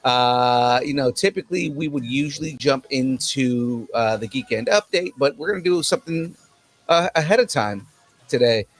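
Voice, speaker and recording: A man hosting a casual pop culture podcast, relaxed and jokey, with fillers and restarts. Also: mid-range voice, moderate pace. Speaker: podcast host. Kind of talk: casual chat and show hosting.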